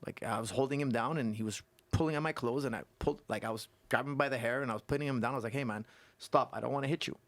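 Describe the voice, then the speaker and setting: A man who is a guest coach on a podcast, telling stories and explaining technique in an animated way that repeats points for emphasis. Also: mid-range voice, very fast, few pauses, no room sound. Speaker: guest martial arts coach. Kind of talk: casual podcast conversation.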